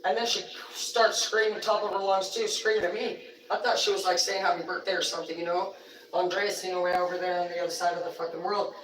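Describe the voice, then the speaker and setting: A woman's voice: fairly low pitch, fairly even intonation, fast talker, a bit bright, a little hiss or hum. A woman hosting a livestream tells rambling stories, blunt and full of curses. She sits a little back from the mic in a room that rings, with a faint murmur of background sound behind her. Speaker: livestream host. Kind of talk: casual storytelling on a livestream. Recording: roomy sound, distant from the mic.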